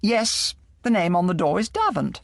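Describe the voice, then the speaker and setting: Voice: medium pitch, very animated, moderate pace, creaky, dry recording, clean studio sound, voice pushed up. A reader voicing a blunt, irritable middle-aged woman sleuth in an audiobook, with a brusque, exasperated manner. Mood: impatient.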